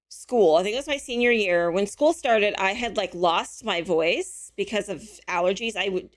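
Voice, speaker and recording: A woman hosting a casual live stream, chatting with viewers and answering their messages, her voice a little hoarse. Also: medium pitch. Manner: chatty, friendly, answers chat messages aloud. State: slightly hoarse.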